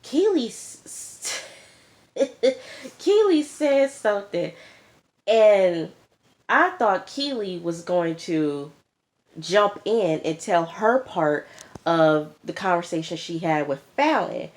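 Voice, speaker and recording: A woman casually recapping a reality show episode in an animated, chatty way, stressing her points with an emphatic "okay?". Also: on the low side, slow. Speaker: TV reviewer.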